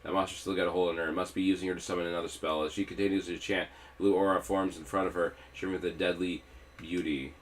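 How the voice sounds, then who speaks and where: Deep-voiced man reading a game aloud. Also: fairly even intonation, fast talker, slight background noise. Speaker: let's-play streamer. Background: faint game music.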